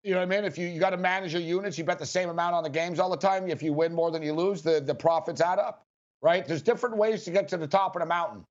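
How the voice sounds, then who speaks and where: A man's voice: fairly high pitch, quick pace, dull audio. A man hosting a sports betting radio show, rambling casually with frequent chuckles.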